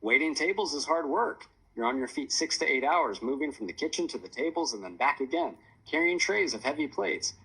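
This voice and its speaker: A man's voice: on the high side, expressive, fairly quick, hardly any pauses, bright, forceful tone, husky, pitched above the performer's own voice, heavily acted, low-quality recording. Man putting on a teasing upbeat mom. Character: playful energetic mother of three, woman.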